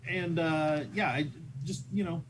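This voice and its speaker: Eager, halting player over noise. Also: male voice, fairly high pitch, fairly even intonation. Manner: eager, halting, full of fillers. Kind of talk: tabletop role-play.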